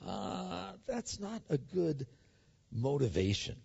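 Animated preacher with a lively voice. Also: male voice, fairly high pitch, measured pace, gravelly, husky. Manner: animated, emphatic, acts out the scripture. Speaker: pastor. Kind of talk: sermon. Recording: echoey hall, dull sound.

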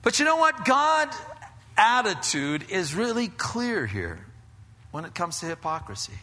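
Male pastor, conversational sermon delivery, bright forceful tone, long hall reverb. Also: sits high, unhurried. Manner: animated and conversational, with frequent restarts.

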